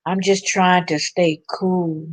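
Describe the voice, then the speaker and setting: A woman's voice: fairly low pitch, flat delivery, slow, dry recording. A woman hosting a casual livestream chat with viewers, chatty and laughing often, sounding a little drained. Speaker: livestream host.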